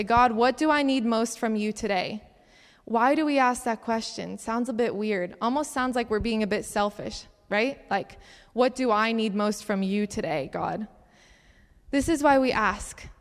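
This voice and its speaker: A young woman giving a sermon-style testimony talk, chatty and animated, acting out the dialogue of her stories. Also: on the high side. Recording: long reverb of a large hall.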